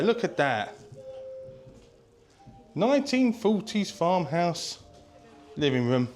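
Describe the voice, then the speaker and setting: A man vlogging a casual walking tour of an open-air museum, chatty and excitable, talking straight to his viewers. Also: high-pitched, slow pace, long pauses, faint music behind. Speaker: travel vlogger. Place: visiting an open-air museum, indoors and outdoors.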